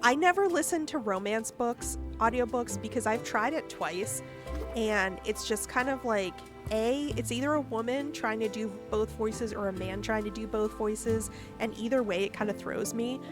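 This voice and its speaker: A woman's voice: on the high side, moderate pace, music in the background. A woman hosting a live stream, talking frankly and laying out her points one by one. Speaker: streamer host. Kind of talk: casual chat on a live stream.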